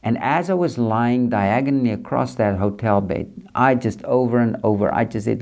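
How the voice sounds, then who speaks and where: A man with a dark, mellow tone and a gravelly edge talks to his listeners about quiet and reflection. He speaks earnestly and repeats his key points, often addressing the listener directly. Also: medium pitch, moderate pace, few pauses. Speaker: podcast host. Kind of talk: reflective faith-based monologue.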